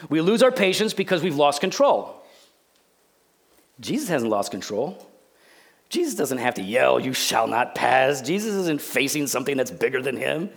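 A man in his forties preaching a sermon as a pastor, conversational and jokey, swinging from loud outbursts to hushed, near-whispered lines. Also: medium pitch, very animated, normal speed, gravelly, long pauses.

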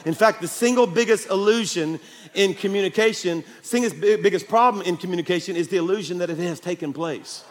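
Middle-aged male pastor, sermon delivery, storyteller who builds to loud peaks. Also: high voice, brisk, a little hiss or hum. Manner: animated storytelling, voice rising and getting louder at peaks.

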